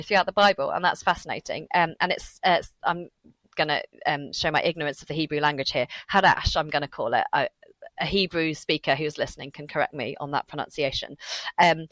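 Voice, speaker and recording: A woman author, a podcast guest, telling a story in a lively way with asides and little laughs. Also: lowish voice, dry recording, low-quality recording. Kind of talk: podcast interview.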